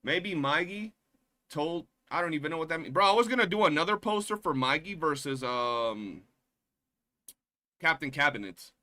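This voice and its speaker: A man's voice: on the high side, lively intonation, moderate pace, sharp tone. A young man streaming, chatting casually in slangy, profane rants and mocking the people he talks about. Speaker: streamer reacting to drama. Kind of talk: casual reaction stream chat.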